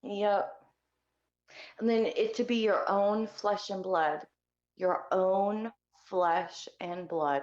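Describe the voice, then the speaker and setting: A woman's voice: medium pitch, steady tone, slow pace, a little mellow. A woman speaking candidly and with heat as she recounts her own life story in a podcast interview, her speech full of fillers. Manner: candid and heated, with many fillers. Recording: echoey, dull lo-fi remote call audio.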